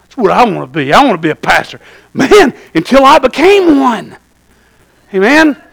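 High, bright-voiced preacher man. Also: moderate pace, creaky, slightly rough, poor audio. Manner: animated storytelling, calls out "Amen?" to the congregation. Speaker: pastor. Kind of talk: sermon.

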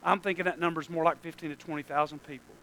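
A man preaching a sermon, animated and joking, swinging from loud exclamations to quiet asides. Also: fairly high pitch, fast talker, slight background noise, poor audio. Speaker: pastor.

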